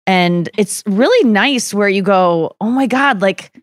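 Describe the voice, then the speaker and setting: A woman's voice: medium pitch, expressive, measured pace, no echo, clean studio sound. A woman co-hosting a podcast in casual chat, telling stories with lots of swearing and little acted-out quotes. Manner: chatty storyteller with frequent swearing and acted-out quotes. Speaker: podcast co-host.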